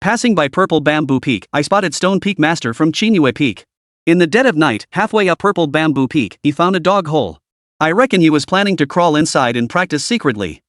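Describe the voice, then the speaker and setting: Cast: eager young disciple read by a man, earnest, hushed, slightly high voice. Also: animated, brisk, dry recording, clean studio sound. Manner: earnest, secretive.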